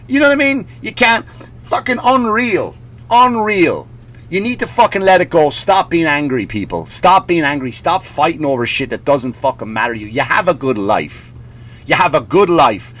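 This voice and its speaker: A man's voice: sits high, very animated, moderate pace, a bit bright. A male comedian and podcast host delivering a profane, sarcastic comic rant, possibly, slipping in mocking voices.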